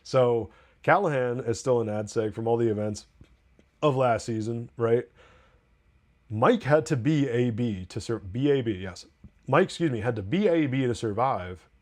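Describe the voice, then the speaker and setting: A man at an ordinary middle pitch hosts a TV podcast, reviewing an episode in a loose, casual way. He talks with eager excitement and rambles, often restarting his sentences as he goes. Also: normal speed.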